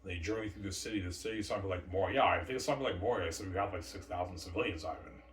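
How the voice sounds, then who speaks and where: A man's voice: low-pitched, racing, slight background noise. A man talking in a boastful, rambling monologue, peppered with "man" and "yeah". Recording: roomy distant mic with faint ambience.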